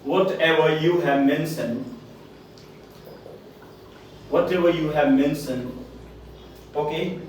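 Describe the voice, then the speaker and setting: A man's voice: fairly high pitch, animated, slow, long pauses, recorded from a distance, a little hiss or hum. A man with an Indian English accent teaching a spoken English lesson, repeating set phrases over and over and checking with "correct?" and "okay?". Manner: repetitive, drilling phrases with rhetorical checks. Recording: very echoey room, voice from afar.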